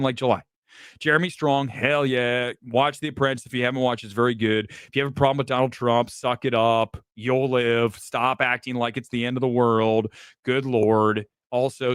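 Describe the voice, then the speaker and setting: A man hosts a live movie review stream and rattles off award picks in clipped fragments. He is blunt and opinionated and slides into profane, mocking rants. His voice sits at a middling pitch and sounds close and dry, with no room around it. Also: fairly bright tone, dry recording. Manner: talks in quick fragmented lists. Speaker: movie review show host.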